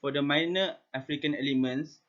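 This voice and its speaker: A man's voice: fairly high pitch, fairly quick, a bit bright. A young man giving a class presentation over slides, reading steadily with hesitant restarts. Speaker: student presenter. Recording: muffled lo-fi recording.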